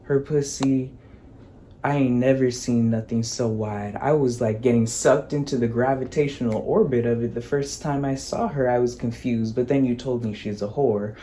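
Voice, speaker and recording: A woman in her twenties telling a storytime vlog in an animated, sarcastic way, cursing freely. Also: extremely low pitch, normal speed, a little hiss or hum. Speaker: vlogger.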